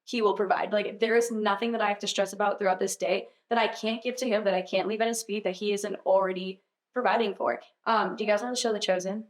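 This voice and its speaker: A young woman guest on a podcast, chatting casually about her faith, full of "like" and quick laughs. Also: medium pitch, fairly even intonation. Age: young adult. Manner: chatty, lots of "like", laughs easily. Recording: echoey room.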